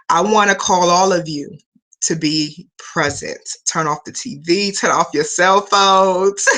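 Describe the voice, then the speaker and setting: Slow, deliberate woman leading a spiritual talk. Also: sits low, fairly bright tone. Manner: slow, deliberate, emphatic coaching delivery. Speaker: spiritual teacher and host. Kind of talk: live online spiritual talk with guided breathing. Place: home room lined with bookshelves.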